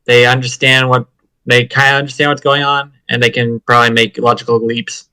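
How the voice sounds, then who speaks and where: A man's voice: mid-range voice, flat delivery, fairly quick, sharp tone, poor audio. A man talking as a tabletop game player, describing his character in the third person.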